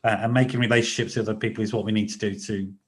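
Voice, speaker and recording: A man hosting a conversational interview, thoughtful and trailing off softly at the ends of phrases. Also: fairly low pitch, little pitch movement, racing, low-quality recording. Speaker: host.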